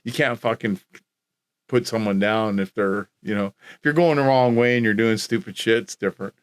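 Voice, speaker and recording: A man's voice: fairly low pitch, moderate pace, clean tone. Profane laughing former hockey enforcer, man. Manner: swears constantly, laughs through his stories. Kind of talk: casual storytelling, profane.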